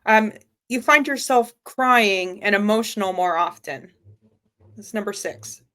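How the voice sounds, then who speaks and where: Slow-speaking woman reading out list items. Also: medium pitch, pushed and bright. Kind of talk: casual chat.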